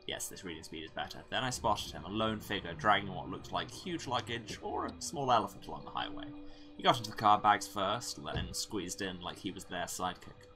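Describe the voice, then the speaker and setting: Lowish-voiced male let's player, dry sarcastic reads, game music behind. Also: expressive, brisk, pushed and bright. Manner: wry, sarcastic asides. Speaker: let's play host. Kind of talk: reading a narrative game aloud with asides.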